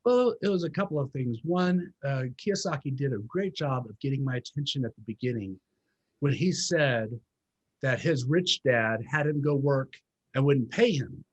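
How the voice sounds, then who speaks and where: A man in his fifties, a former pastor, earnestly telling his story as a guest in an interview, slowing down to stress key points. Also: medium pitch, lively intonation, slightly rough, dull audio. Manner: earnest, reflective storytelling, emphatic slow emphasis. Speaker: guest, former pastor turned real estate business owner. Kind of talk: interview conversation.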